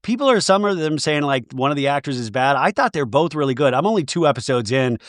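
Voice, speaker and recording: A fairly high-voiced man in a casual podcast chat, rambling along in an animated way with frequent laughs. The sound is close and dry, with no room around it. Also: fast, dry recording. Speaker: podcast guest.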